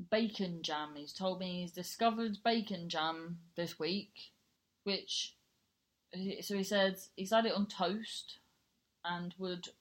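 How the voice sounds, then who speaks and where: Woman, podcast host, casual monologue, sweary, blunt, rambling. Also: fairly low pitch. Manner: blunt and frank, swears freely, rambling with many restarts, laughs easily.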